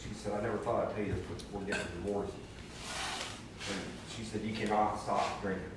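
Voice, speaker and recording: A man candidly sharing his personal story in a group, blunt and a little halting. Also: lowish voice, steady tone. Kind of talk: personal testimony. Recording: echoey room from far off with hiss.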